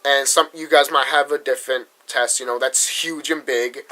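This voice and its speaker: Forceful young man ranting bluntly. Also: medium pitch, steady tone, rough recording. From Massachusetts. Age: young adult. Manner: blunt, profane, halting with restarts. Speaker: vlogger. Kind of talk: frustrated vlog rant.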